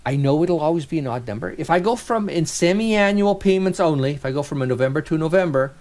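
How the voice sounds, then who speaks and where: Animated man teaching a finance lecture. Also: fairly high pitch, fast talker. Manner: animated, conversational, thinks aloud with rhetorical checks. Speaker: instructor.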